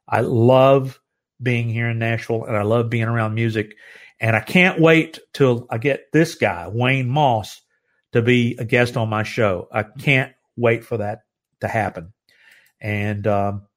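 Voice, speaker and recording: A middle-aged man from the United States hosting a live stream, talking earnestly with halting restarts and growing emotional. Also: mid-range voice. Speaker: live show host. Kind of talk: heartfelt live-stream talk.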